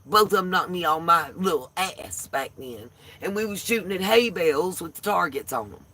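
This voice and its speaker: A woman's voice: fairly low pitch, animated, normal speed, sharp tone. A woman, the host of a livestream, telling a profane, colorful down-home story in a casual way.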